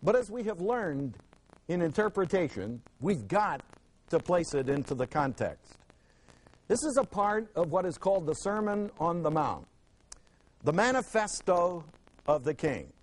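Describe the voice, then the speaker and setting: A man teaching scripture to a classroom, his voice pitched high for a man and swinging widely up and down. He hammers key words through repetition and keeps tossing questions to his students. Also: sing-song, a little slow, poor audio. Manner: emphatic, rhetorical questions, repeats words for stress. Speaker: Bible teacher. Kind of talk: classroom Bible lesson.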